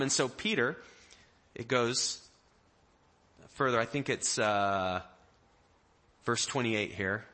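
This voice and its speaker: A pastor preaching a sermon, telling the story in an animated way and acting out the people in it. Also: male voice, medium pitch, unhurried, pauses often, breathy edge. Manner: animated storyteller, acting out quotes in varied voices.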